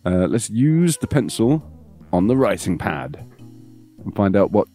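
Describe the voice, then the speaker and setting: Chatty, low-voiced man playing a game. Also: big pitch swings, a little slow, dark tone, faint music behind. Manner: chatty and playful, thinking aloud. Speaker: let's play host. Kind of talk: casual gameplay commentary.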